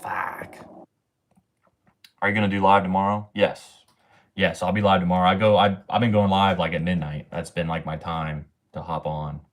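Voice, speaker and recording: A man's voice: sits low, little pitch movement, moderate pace. A man in his twenties hosting a casual livestream, talking to chat in a slangy, profane way and tagging sentences with bro and man. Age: 20s. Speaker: livestream host.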